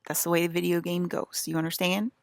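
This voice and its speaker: A woman's voice: fairly low pitch, little pitch movement, quick pace, gravelly, dry recording, clean studio sound. A woman with an American country accent, rambling in an agitated, profane and repetitive monologue as a vlogger.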